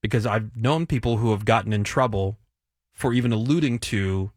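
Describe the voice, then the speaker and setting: A man's voice: fairly low pitch, normal speed, dry recording, clean studio sound. A man hosting a radio talk show, chatting casually and loosely with lots of fillers. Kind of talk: casual studio chat.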